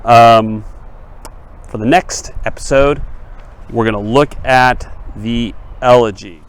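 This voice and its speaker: A man's voice: medium pitch, steady tone, takes it slowly, clean tone. A man teaching literature in an explanatory lecture, reading verse lines aloud and checking in with his listeners.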